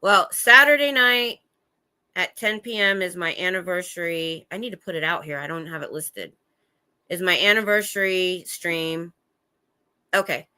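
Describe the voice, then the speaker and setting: Broadcasting live from indoors at home, this middle-aged host speaks at a normal pace in a low-leaning voice that is sharp yet smooth. Her talk wanders loosely; she keeps dropping a thought and restarting it while replying to comments from her viewers.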